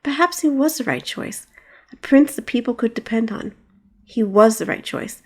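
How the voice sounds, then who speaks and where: A woman's voice: on the high side, moderate pace. Woman narrating a fantasy audiobook. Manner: expressive storytelling. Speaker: author and narrator.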